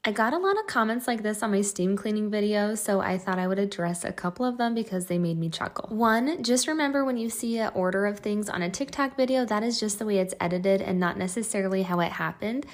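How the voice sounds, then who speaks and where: A woman speaks in an even, mid-pitched voice, explaining her cleaning habits to viewers. She is calm and matter-of-fact as she answers comments. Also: fast talker, hardly any pauses. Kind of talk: cleaning voice-over.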